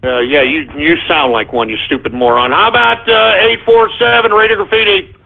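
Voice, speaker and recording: A man hosting a shock-jock call-in radio show, talking in a loud, mocking, rambling way. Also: high-pitched, fairly even intonation, brisk, vocal fry. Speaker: radio talk show host. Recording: lo-fi phone-like radio sound.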